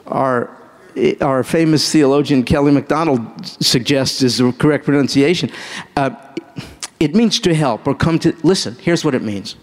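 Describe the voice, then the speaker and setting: A man preaching a live sermon to a congregation, emphatic, asking them direct questions and breaking into sudden high exclamations. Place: church hall with a congregation. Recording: reverberant hall sound.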